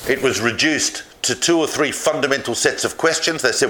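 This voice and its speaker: Bright-voiced man lecturing animatedly. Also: medium pitch, fairly quick, few pauses. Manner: animated storytelling, addresses the audience. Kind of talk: history lecture to a live audience.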